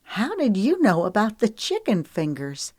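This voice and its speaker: A woman's voice: mid-range voice, huge pitch swings, measured pace, a little mellow, no echo, clean studio sound, pitched above the performer's own voice. A woman narrator voicing a guarded young female reality show contestant with a wry, candid manner.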